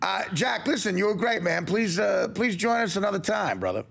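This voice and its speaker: A male radio host with a gravelly, husky voice pitched a bit high. He chats casually and drops quick jokes between a guest's stories. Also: big pitch swings, a bit bright. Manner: joking, quick one-liners.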